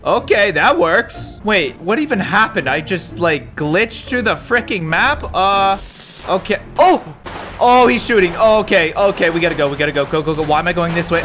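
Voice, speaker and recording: Man, gaming youtuber, excited gameplay commentary, highish voice, very animated pitch, jumpy yelps, faint music behind. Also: normal speed. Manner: hyper, jumpy, shouts and yelps in surprise.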